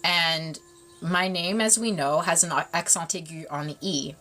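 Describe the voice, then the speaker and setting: A woman's voice: lowish voice, unhurried, sharp tone. Giggly woman chatting live. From Canada. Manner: bubbly, giggly, switching between English and French. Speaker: livestream host reading chat. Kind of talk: casual live chat.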